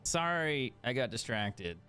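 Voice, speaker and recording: A man's voice: medium pitch, big pitch swings, measured pace, pushed and bright, faint music behind. A young man chatting casually as a game streamer, swearing freely and laughing often. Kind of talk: casual gaming stream commentary.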